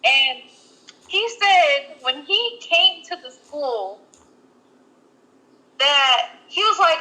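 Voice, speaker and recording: A woman's voice: high voice, animated, drawn-out words, long pauses, pushed and bright, poor audio. A young adult woman co-hosting a podcast, telling a story casually and rambling with lots of "like" fillers and restarts. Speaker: podcast co-host.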